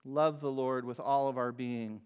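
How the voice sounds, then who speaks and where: A man preaching a sermon as pastor, emphatic and swinging from loud cries to quiet words. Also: mid-range voice, fairly even intonation, measured pace, clean tone, lo-fi sound. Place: church hall. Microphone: mic over speakers. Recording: long reverb of a hall.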